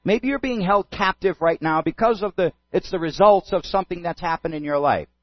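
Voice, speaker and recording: A man's voice: high voice, a little fast, dry recording. A man preaching a sermon and telling a story in an earnest way. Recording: dull, dry lo-fi sound.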